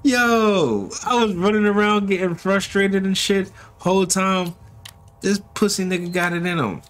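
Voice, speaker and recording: A man giving casual, slangy gameplay commentary, talking to his viewers and swinging from low muttering to loud yelps. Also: flat delivery, normal speed, a little hiss or hum. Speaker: gaming commentator.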